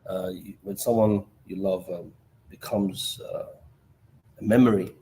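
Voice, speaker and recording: A man hosting a podcast, telling a personal story in a hesitant, halting way. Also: low voice, steady tone, mellow, a little hiss or hum. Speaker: podcast host. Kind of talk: conversational podcast talk.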